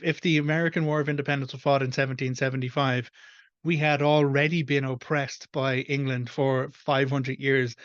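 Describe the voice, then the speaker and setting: A man's voice: medium pitch, a bit bright, dry recording, highs cut off. An Irish man hosting a reaction video, ranting bluntly and with frustration. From Ireland. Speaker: host. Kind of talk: reaction commentary.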